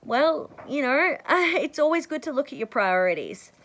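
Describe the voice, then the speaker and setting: A woman vlogger giving casual advice to the camera, rambling and chatty, often clearing her throat. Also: moderate pace, low-quality recording. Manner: bursts into high excited tones when acting out conversations.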